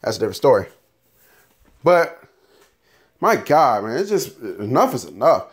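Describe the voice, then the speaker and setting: A man's voice: mid-range voice, moderate pace. A man ranting loosely about characters in a story game, full of fillers and swearing, then reading a chapter aloud. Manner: animated, profane, frequent fillers.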